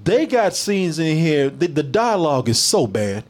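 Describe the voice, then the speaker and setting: Man, high voice, very expressive pitch, casual movie review, profane, mocking. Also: measured pace.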